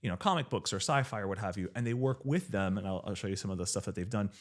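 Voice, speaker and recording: Chatty, slightly low-voiced podcast man. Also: lively intonation, fast talker. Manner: chatty, enthusiastic pop-culture fan. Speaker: podcast co-host. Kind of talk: casual chat.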